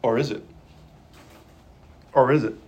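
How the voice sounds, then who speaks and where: A man's voice: medium pitch, steady tone, darkish tone, lo-fi sound. A man preaching a sermon, emphatic and urgent, repeating key lines and changing his pace. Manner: emphatic, repeats lines for stress, speeding up and slowing down. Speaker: pastor.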